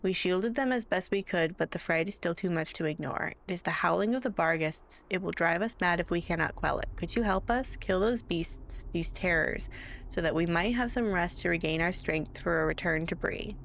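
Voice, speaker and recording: A woman's voice: lowish voice, normal speed, gravelly, a bit bright, a little hiss or hum. A woman reading aloud the lines of a weary leader of travelers trapped in haunted lands, in an earnest, solemn voice. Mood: grave. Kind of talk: reading game dialogue aloud.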